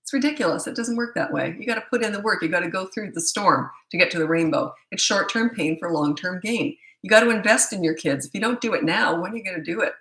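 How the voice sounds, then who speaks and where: A woman's voice: mid-range voice, a bit bright, echoey room, low-quality recording. Blunt, outspoken parenting coach woman. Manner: blunt and opinionated, quick asides. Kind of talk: live Q&A, answering viewer questions.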